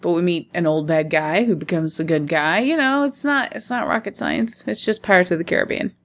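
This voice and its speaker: A woman co-hosting a casual movie-review podcast, dry and teasing, quick to laugh. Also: lowish voice, a bit bright. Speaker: podcast co-host.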